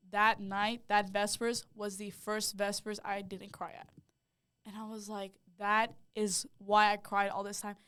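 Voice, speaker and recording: A woman's voice: mid-range voice, a bit bright, clean tone. A young woman sharing a heartfelt personal faith testimony in casual chat, with lots of "like" fillers. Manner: heartfelt storytelling, full of "like" fillers. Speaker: podcast co-host sharing her testimony.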